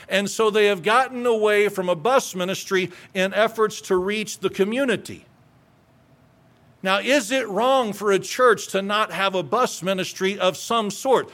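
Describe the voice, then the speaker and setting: A man's voice: high voice, a bit bright. A middle-aged male pastor preaching a sermon, building his points through strings of rhetorical questions and emphatic repetition.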